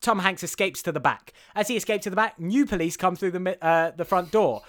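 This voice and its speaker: A man's voice: sits high, fairly quick, a bit bright. A man recapping a film in casual chat, rambling with lots of fillers and frequent swearing.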